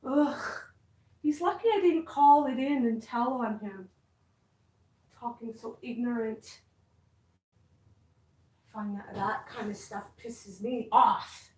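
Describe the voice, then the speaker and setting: High-voiced indignant woman vlogger, off-mic and roomy. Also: slow, long pauses, a little mellow, far from the mic, a little hiss or hum. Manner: blunt, indignant, swears when annoyed. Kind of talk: casual chat to camera, reading comments.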